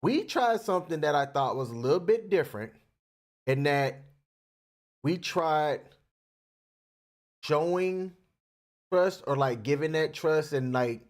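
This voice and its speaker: A man's voice: fairly high pitch, expressive, slow, pauses often. A young adult man co-hosting a casual relationship podcast, playful and joking, laughing often. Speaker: podcast co-host. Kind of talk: casual chat.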